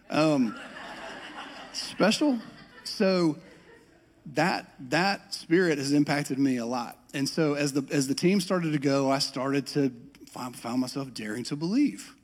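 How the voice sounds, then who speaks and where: A middle-aged man from the US South with a Southern accent, telling a self-deprecating personal story in a sermon. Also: medium pitch. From Metro Atlanta, US South. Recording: long reverb of a large hall.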